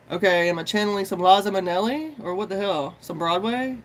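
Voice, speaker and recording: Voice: mid-range voice, lively intonation, fairly quick, hardly any pauses. A tarot reader hosting a live stream, chatting casually, rambling from topic to topic, swearing freely and greeting viewers by name. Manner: chatty and informal, says y'all often. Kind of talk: casual live-stream chat and pep talk.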